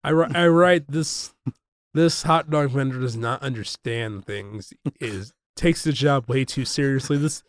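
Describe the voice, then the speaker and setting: A young man as a podcast guest in casual movie chat, with dry, deadpan jokes. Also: mid-range voice, measured pace, no room sound.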